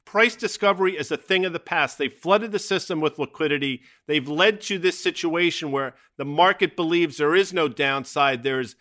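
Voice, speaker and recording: Man, podcast co-host, bright forceful voice, a little high, emphatic and opinionated. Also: moderate pace, few pauses. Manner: emphatic, opinionated, name-dropping movie quips. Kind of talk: casual market talk.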